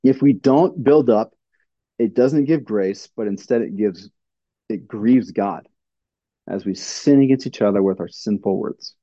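A man's voice: on the low side, a little slow, warm tone, dry recording, lo-fi sound. A middle-aged man teaching in a plainspoken sermon style, earnest, with frequent fillers and restarts. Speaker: pastor.

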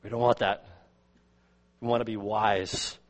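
A man preaching an expository sermon as pastor, earnest, repeating words and swinging from loud emphasis to quiet asides. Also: on the low side, little pitch movement, unhurried, in a large hall. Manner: earnest, repeats words, rises and drops sharply in volume.

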